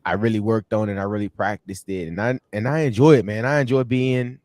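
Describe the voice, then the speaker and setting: A man co-hosting a sports livestream, telling stories in an animated, slangy way with lots of laughs. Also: lowish voice, brisk, dry recording, studio quality. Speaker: sports show co-host. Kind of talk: casual livestream chat.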